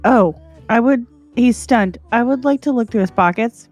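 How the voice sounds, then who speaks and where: A woman's voice: fairly high pitch, normal speed, darkish tone. A woman playing a tabletop game, eager and blunt with her questions. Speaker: player. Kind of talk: casual tabletop game play. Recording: faint background music.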